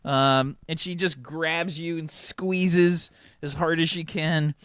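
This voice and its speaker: A woman's voice: low-pitched, steady tone, slow pace, no echo, clean studio sound. A woman narrating a tabletop game as game master, chatty with many fillers.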